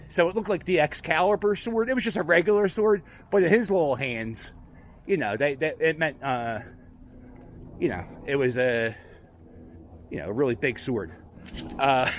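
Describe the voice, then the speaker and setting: The clip carries a little hiss or hum as a man with a fairly high voice walks a city street. Hosting his walking vlog, he chats away, rambling and self-deprecating.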